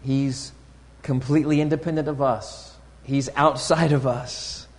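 A man preaching a sermon in a deliberate teaching tone, pausing often and restarting phrases. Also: mid-range voice, steady tone. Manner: deliberate, teaching tone with pauses and fillers. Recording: long reverb of a hall.

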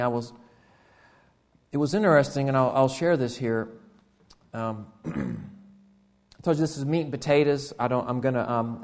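A man preaching a sermon in a church, often restarting and repeating words, who swings between loud animated stretches and hushed near-quiet lines. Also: medium pitch. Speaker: pastor.

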